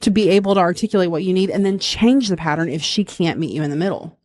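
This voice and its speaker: Lively, dramatic woman podcast co-host. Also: fairly low pitch, fast talker. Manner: animated, dramatic, self-mocking. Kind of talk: casual podcast conversation.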